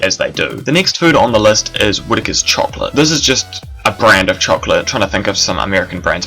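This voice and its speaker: A man's voice: sits low, bright, forceful tone. A young man with a New Zealand accent, vlogging in a chatty, rambling way with fillers and restarts. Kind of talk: casual talk to camera.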